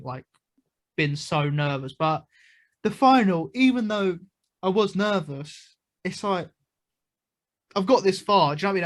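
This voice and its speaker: A young man from the United Kingdom, a magician being interviewed, chatting casually and telling stories with lots of fillers and asides. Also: on the high side. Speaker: magician guest.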